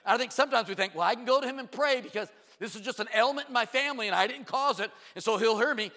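A middle-aged man preaching a sermon, firing rhetorical questions and asides, sometimes dropping to a hush. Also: very high voice. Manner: animated preaching with quick asides, rhetorical questions and hushed drops. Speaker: pastor. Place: church sanctuary. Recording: long reverb of a large hall.

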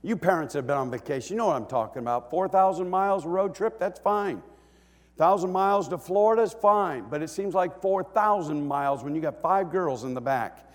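High, lively-voiced man preaching. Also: a little fast. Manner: animated and emotional, swings from hushed to shouting, joking asides. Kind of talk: sermon. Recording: echoey church hall.

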